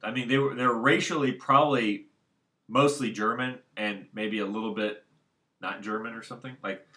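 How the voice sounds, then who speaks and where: A man's voice: lowish voice, fairly even intonation, normal speed, pushed and bright. A man talking alone at home in a casual, unscripted monologue, rambling and circling back to his points. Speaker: solo commentator.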